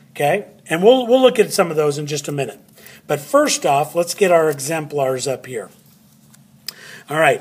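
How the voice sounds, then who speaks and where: A male teacher walks a class through a phonics lesson, speaking slowly and saying words over and over to stress a syllable. His voice is a little husky, and he now and then moves away from the mic while he writes. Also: on the high side, a bit bright. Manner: slow, drawn-out words, spelling letters aloud.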